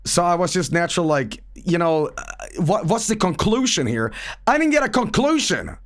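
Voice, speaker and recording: A man's voice: high voice, sing-song, moderate pace, fairly bright tone. A man streaming a video game, rambling and profane about a dream and the game. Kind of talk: casual game stream commentary.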